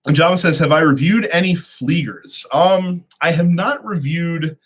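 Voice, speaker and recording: A man's voice: on the high side, moderate pace, slightly rough. Casual man answering viewer questions. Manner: conversational, many ums and restarts. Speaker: host of a watch channel. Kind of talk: casual live-stream Q&A.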